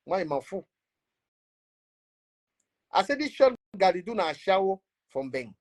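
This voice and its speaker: A Cameroonian man, a blogger, scolding in animated Pidgin English and switching into French. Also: high-pitched, unhurried, long pauses. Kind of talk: ranting commentary.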